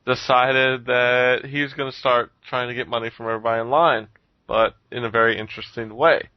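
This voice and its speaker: Male co-host, casual storyteller who swears and mimics others, mid-pitched, dry close mic, lo-fi sound. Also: a little fast, dry recording. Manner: animated storytelling, swears a lot, acts out quotes. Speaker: podcast co-host. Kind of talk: casual chat. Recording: dull lo-fi recording.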